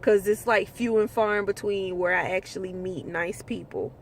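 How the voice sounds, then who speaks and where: A woman's voice: mid-range voice, steady tone, moderate pace, a little hiss or hum. A young woman, a rideshare driver telling blunt, exasperated stories in a casual vlog, swearing freely.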